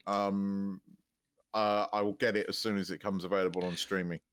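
A man co-hosting a casual podcast, speaking in a measured, thoughtful way. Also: low-pitched, level tone, fairly bright tone, clear, resonant tone, no room sound. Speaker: podcast co-host.

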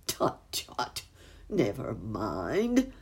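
A woman playing a kindly old bunny gentleman, cheerful and gentle in a storybook. His voice is low and gravelly, with a husky grain. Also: huge pitch swings, a little slow, heavily acted.

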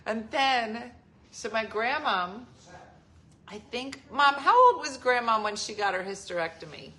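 A woman's voice: on the high side, unhurried. A woman in her forties hosting a casual chat, telling family stories with lots of laughter. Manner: laughing, animated storyteller. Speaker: host.

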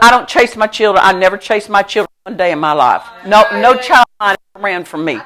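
A middle-aged woman pastor preaching a sermon at a church service. She tells stories with lively emphasis, laughs often, and repeats her key phrases. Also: mid-range voice. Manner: animated storytelling with frequent laughter.

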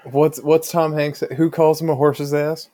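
A man's voice: a little high, flat delivery, a little slow, dark tone. A man co-hosting a casual movie podcast, chiming in with short corrections and asides. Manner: brief interjections and corrections. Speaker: podcast co-host.

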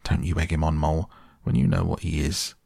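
A man's voice: rumbling low, little pitch movement, a little fast, vocal fry, dark tone, breathy edge, no room sound, clean studio sound, heavily acted. A man voicing a sensible, fretful male water rat in a storybook reading, earnest and pleading.

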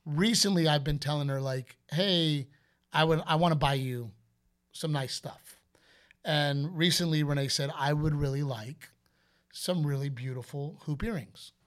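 A man's voice: a little high, unhurried. A man, co-hosting a podcast and telling stories in a loose, chatty way. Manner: storytelling, loose and chatty with fillers. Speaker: podcast co-host. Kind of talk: casual chat.

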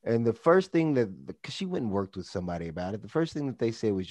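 A man's voice: medium pitch, big pitch swings, a little fast, a little mellow, dry recording. A man with a Texas accent, a coach talking casually on a podcast, rambling with lots of "like" and restarts. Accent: Texan. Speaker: life coach guest.

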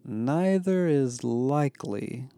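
A man's voice: a little high, animated, slow pace, dark tone, no room sound, pitched above the performer's own voice. A man voicing a sarcastic teenage boy with a bitter, dry delivery.

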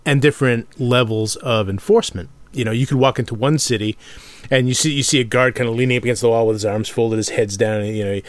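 A man's voice: medium pitch, steady tone, fast, no echo. A man in casual chat about tabletop role-playing, agreeable, chiming in often and laughing easily.

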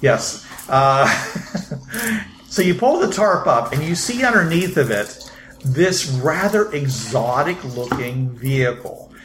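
A man narrating as game master, quick and loose, thinking aloud with fillers. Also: mid-range voice, animated, a bit bright, echoey room, a little hiss or hum.

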